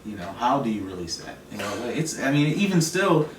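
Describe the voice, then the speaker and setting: A trans man telling personal stories in a relaxed interview, soft-spoken and given to bursts of laughter. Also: medium pitch, brisk, reverberant, distant mic, a little hiss or hum. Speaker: interview guest. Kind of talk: relaxed storytelling.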